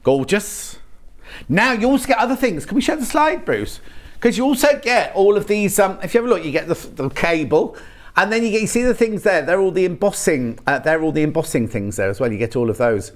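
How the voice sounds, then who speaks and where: Chatty British shopping channel presenter. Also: male voice, high voice, very animated, fairly quick. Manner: chatty, rambling sales patter with restarts. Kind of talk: live TV product demonstration. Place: TV studio.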